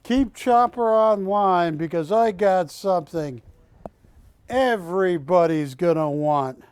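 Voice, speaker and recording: High-voiced, jokey man calling auction bids. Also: slow pace, darkish tone, clear, resonant tone, dry recording. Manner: jokey, chatty, calls bids and counts them down. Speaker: auction host. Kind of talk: live shopping-channel auction patter. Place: TV studio.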